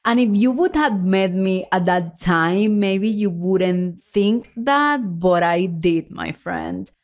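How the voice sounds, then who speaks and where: A woman's voice: mid-range voice, lively intonation, slow. A middle-aged woman from Puerto Rico with a Puerto Rican accent, a podcast host telling a personal story in an earnest, conversational way and speaking straight to the listener. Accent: Puerto Rican Spanish.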